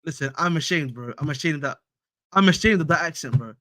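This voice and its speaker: A man's voice: fairly high pitch, brisk, bright, forceful tone, no room sound. Slangy young man streaming. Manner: slangy, repetitive, addresses viewers as bro. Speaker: fan channel host. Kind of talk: casual live-stream chat.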